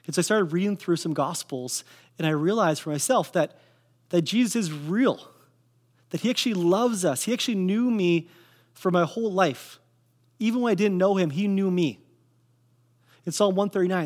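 A man's voice: on the high side, darkish tone. A young man from Canada giving a casual, earnest personal testimony in a sermon, telling his story with fillers.

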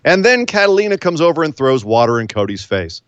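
A man's voice: on the high side, very animated, brisk, smooth, no room sound, dull audio. A man hosting a casual chat, recapping events in a rambling, wry way. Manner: rambling, wry, throws in silly voices. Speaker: podcast host.

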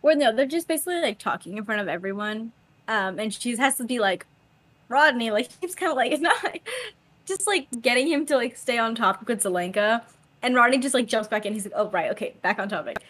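A young woman co-hosts a casual podcast, chatting animatedly and jumping into quick acted-out lines. Her voice sits a little high, and the sound is close and dry. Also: dry recording. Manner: animated, acts out quotes with laughter. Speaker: podcast co-host. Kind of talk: casual chat.

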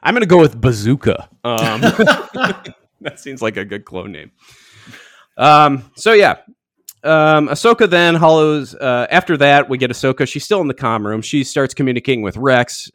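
Rambling podcast co-host, lively pitch. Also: male voice, normal speed, no room sound, clean studio sound. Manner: rambling, hedging, wry. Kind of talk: casual episode recap.

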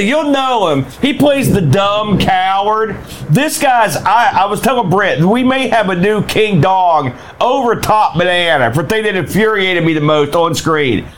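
High-voiced man ranting about games. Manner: rambling, animated, exasperated ranting. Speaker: co-host reviewing retro games. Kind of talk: casual chat.

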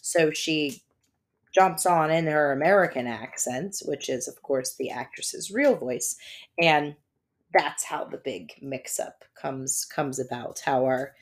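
Deep-voiced woman cohost, rambly podcast chat, laughs a lot. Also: takes it slowly. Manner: chatty, rambling, laughs often. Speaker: podcast co-host. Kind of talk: casual chat. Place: home by a fireplace.

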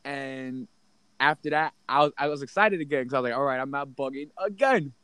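Young man, casual slangy storyteller, animated delivery, dry close sound. He tells his story with rising excitement and laughs between lines. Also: medium pitch, fairly quick, clear, resonant tone, no room sound. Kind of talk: casual chat.

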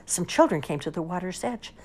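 Husky woman reading storybooks aloud. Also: lowish voice, a little fast. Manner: expressive, lively storytelling. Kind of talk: animated storybook read-aloud.

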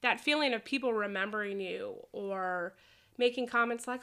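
A middle-aged woman, a roller derby skater, chatting as a podcast guest and telling animated stories. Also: mid-range voice, normal speed. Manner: animated storyteller, acts out quoted voices. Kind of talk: casual interview chat.

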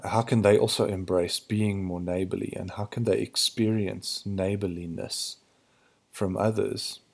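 Male podcast host, low gravelly early-morning voice, reflective searching monologue. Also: steady tone, a little slow. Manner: searching, hesitant, restarts to find words.

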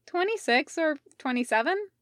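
A woman's voice: high-pitched, animated, moderate pace, a bit bright, no echo, studio quality, pitched above the performer's own voice. A woman voicing a sensible young man who fusses over his friend, mildly patronizing, in a storybook reading. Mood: warning.

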